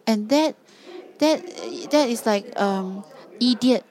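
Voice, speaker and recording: A woman's voice: fairly high pitch, takes it slowly, a crowd in the background. Earnest woman preaching with emphatic repetition. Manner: earnest, emphatic, repeats phrases for stress. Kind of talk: sermon.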